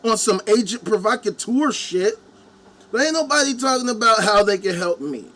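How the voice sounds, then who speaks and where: Swearing heavily, a live-stream commentary host angrily rants and mocks the people he quotes into a webcam microphone. His voice is high-pitched and sharp, with lively intonation at normal speed.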